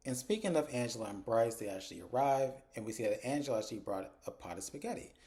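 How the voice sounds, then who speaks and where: Male reviewer, mid pitch, dark mellow tone; chatty, animated, swears freely while recapping. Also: fast talker. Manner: animated retelling, slips into characters' lines, profane. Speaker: TV episode reviewer. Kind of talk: casual recap chat.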